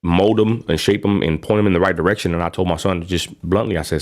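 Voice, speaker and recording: A man's voice: low-pitched, fairly even intonation, quick pace, few pauses. A man in his thirties with a West Texas accent, rambling bluntly on his own livestream. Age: 30s. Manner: rambling and blunt, lots of fillers. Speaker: livestream host. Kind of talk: casual livestream rant.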